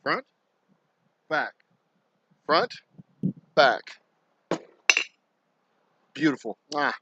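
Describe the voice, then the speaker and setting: A man in a mid-range voice, talking loosely and a bit scattered as he works through a task on a livestream. He swears freely, thinks out loud and chats to viewers between jobs. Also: medium pitch, very slow, highs cut off, background noise. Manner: rambling, swears freely, talks to himself while working. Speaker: distillery owner livestreaming. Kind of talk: casual livestream chatter. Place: indoors at a distillery workspace.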